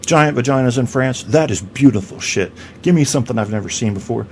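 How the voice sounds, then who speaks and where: A man's voice: mid-range voice, a little fast, a little hiss or hum. A man hosting a podcast in a crude, rambling comedic rant, swearing and stammering through restarts. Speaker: podcast host.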